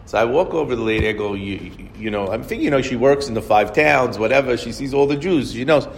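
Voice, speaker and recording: Talking fast in a mid-range voice, this man tells stories to an audience, wandering conversationally and frequently starting over. Faint noise and the echo of a hall color the recording.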